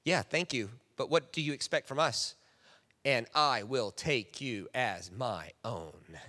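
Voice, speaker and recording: A man preaching a sermon, animated and playful, acting out quoted voices and often restarting his sentences. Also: medium pitch, slow pace. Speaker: pastor. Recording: reverberant hall.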